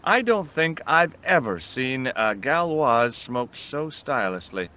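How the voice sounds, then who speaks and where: A wry hero in a game, narrating with dry sarcasm. His pitch moves in animated ups and downs. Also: slow, highs cut off, full character voice. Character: wry American tourist-detective hero.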